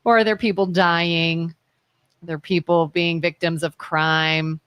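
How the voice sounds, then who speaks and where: A woman's voice: lowish voice, flat delivery, measured pace, a bit bright, smooth, no room sound. A woman co-hosting a live talk show from a studio, arguing her side with a string of rhetorical questions. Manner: argumentative, fires rhetorical questions. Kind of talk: live talk radio debate.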